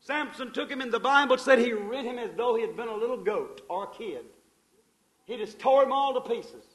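Preaching in an expressive, brisk, fervent manner, a man addresses his audience as folks in a folksy style. His voice is pitched very high for a man, moving between loud, driving stretches and hushed moments. The audio quality is poor.

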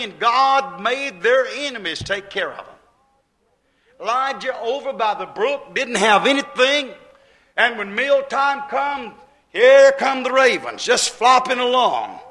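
High, bright-voiced folksy preacher. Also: male voice, poor audio. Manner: emphatic, folksy and repetitive, with plain homespun speech. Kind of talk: sermon.

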